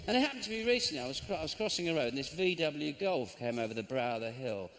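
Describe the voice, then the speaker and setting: A middle-aged man from England doing a stand-up comedy routine, deadpan and grumbling, breaking into sudden shouts. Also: a little high, quick pace. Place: large theatre stage. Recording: live show with constant audience noise.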